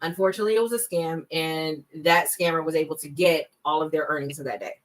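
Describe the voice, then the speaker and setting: Low-voiced woman giving emphatic advice. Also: low-quality recording. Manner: emphatic, acts out scam calls in quick bursts. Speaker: fraud prevention guest expert. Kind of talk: conversational podcast advice.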